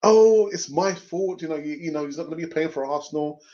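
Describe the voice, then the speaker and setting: A man's voice: fairly high pitch, a little fast, warm tone, lo-fi sound, close to an everyday voice. A man mimicking an apologetic male football manager who keeps blaming himself.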